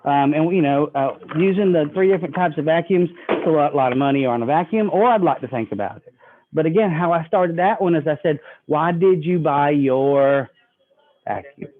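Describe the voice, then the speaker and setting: A man's voice: fairly high pitch, expressive, fast. A man giving a sales training talk, folksy and acting out customer dialogue. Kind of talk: sales training talk with role-played pitches. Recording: tinny phone-like audio.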